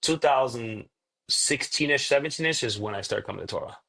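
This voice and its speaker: A man's voice: medium pitch, fairly quick, creaky, bright, forceful tone. A man, a pastor who is a podcast guest, telling a story in casual conversation and acting out the quoted dialogue.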